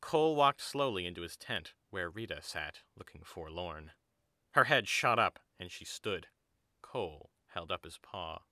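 A man narrating an audio drama in an even storybook manner. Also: low-pitched, a little slow, no echo, clean studio sound. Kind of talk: scripted narration.

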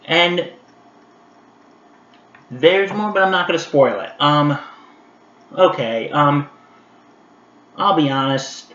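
Chatty man vlogging in a roomy room. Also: fairly high pitch. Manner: chatty and animated, many fillers, talks straight to viewers. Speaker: vlogger reviewing animated specials. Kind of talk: casual review vlog. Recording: roomy, dull lo-fi sound.

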